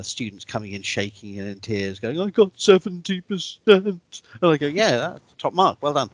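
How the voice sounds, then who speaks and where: A man who lectures and hosts, talking in a casual interview with an animated manner and outbursts of exasperation. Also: fairly low pitch, no room sound, poor audio. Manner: animated, exaggerated rise on quoted lines. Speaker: lecturer and podcast host.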